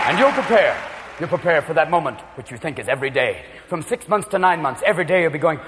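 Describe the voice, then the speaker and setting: A man performing a manic stand-up routine, jumping into shouted character voices before a live audience. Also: a little high, lively intonation, a little fast. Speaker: stand-up comedian. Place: large theater stage. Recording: live hall with loud crowd and noise. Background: audience laughter.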